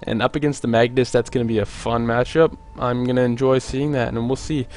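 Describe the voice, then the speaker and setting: A young man casting a video game match on his own, chatty and jokey, with many filler words and quick asides. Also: mid-range voice, fairly even intonation, a little mellow. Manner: rambling, jokey, lots of "like" fillers. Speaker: esports caster. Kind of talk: solo play-by-play commentary.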